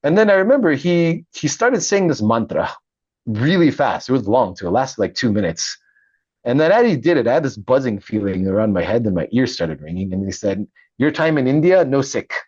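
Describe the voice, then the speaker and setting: A middle-aged man, a veteran, telling his story in a casual interview, animated and laughing often. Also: medium pitch, brisk, slightly rough, no room sound, highs cut off. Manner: animated, laughs often, acts out quoted voices. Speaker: podcast guest, Navy veteran and author.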